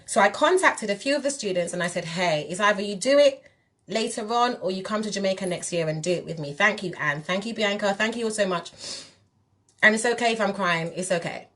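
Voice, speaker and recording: A woman's voice: medium pitch, animated, quick pace, a bit bright. Emphatic woman vlogging. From England. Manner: direct, emphatic, addresses viewers as "you lot". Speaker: spiritual teacher and vlogger. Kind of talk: candid monologue to camera.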